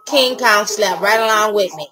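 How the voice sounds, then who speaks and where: Over background music, an older woman vlogger tells a story to camera in a casual, sassy, animated way, acting out what other people said. Her voice is mid-range at a moderate pace, and the recording is rough.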